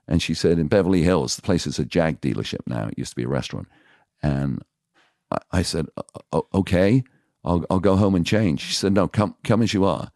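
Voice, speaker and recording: Seasoned radio DJ as podcast guest, frank and animated, voices the people in his stories; rumbling low pitch, dead-dry room. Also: a little fast, vocal fry, no room sound. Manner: animated, acts out quoted dialogue; frank, confessional. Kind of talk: casual storytelling in interview.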